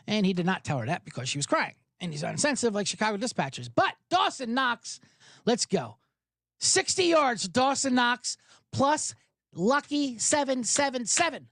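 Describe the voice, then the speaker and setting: A man's voice: high-pitched, sing-song, normal speed, fairly bright tone, no room sound, studio quality. A man hosting a sports betting podcast, talking in a hyped, rambling way, swearing and spinning jokey analogies. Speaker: podcast host.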